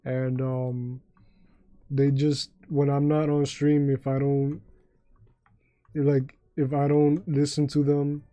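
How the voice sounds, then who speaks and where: A man's voice: medium pitch, completely flat delivery, slow, pauses often, mellow, no echo, muffled recording. A young man streaming a game live, chatting in a laid-back, rambling way with frequent swearing and restarts. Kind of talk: casual livestream chat.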